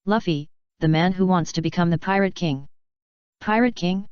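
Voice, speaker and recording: A woman reading a fanfiction audiobook aloud in an even, unacted narration, voicing every character the same way. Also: fairly low pitch, moderate pace, clean tone, no room sound. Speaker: audiobook reader. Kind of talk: flat scripted narration. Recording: dull, lo-fi dry sound.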